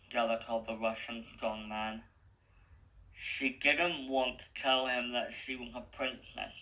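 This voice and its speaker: A man reading a story aloud as narrator, slow and deliberate, with small restarts. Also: mid-range voice, fairly even intonation, sharp tone, rough recording.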